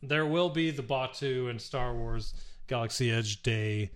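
A man's voice: mid-range voice, measured pace. Chatty man on a podcast. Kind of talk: casual chat.

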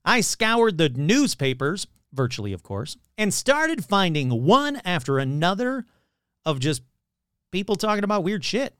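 A man's voice: sits high, very animated, measured pace, a bit bright, smooth, no room sound, studio quality. A man hosting a podcast, retelling an old story in a casual, sarcastic and profane way. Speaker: podcast host.

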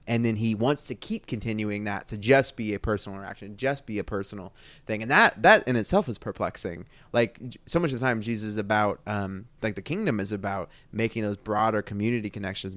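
A man talking through a Bible passage in a casual discussion, thoughtful and halting, with many restarts. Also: lowish voice, no room sound.

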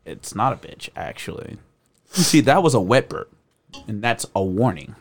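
A man's voice: lowish voice, moderate pace. A young man co-hosting a podcast, a rowdy casual chat full of swearing and laughter. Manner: loud, laughing, swearing, animated. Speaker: podcast co-host. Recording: noisy room recording.

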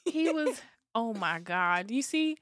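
A woman's voice: on the high side, big pitch swings, takes it slowly, a bit bright, no room sound, studio quality. A young woman co-hosting a podcast, teasing playfully and laughing often. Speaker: podcast co-host. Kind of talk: casual chat.

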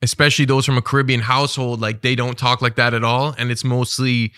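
A man hosting a podcast, asking questions in a relaxed way, often agreeing with his guest. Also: medium pitch, fast talker, clean tone, no room sound, clean studio sound. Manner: relaxed, agreeable, frequent backchannels. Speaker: podcast host. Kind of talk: casual podcast interview.

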